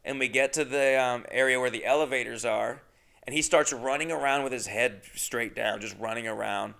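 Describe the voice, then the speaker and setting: A man's voice: medium pitch, moderate pace, gravelly, fairly bright tone. A young man, a comedian and podcast host, telling a crude, brash, profane anecdote. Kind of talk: comedic storytelling.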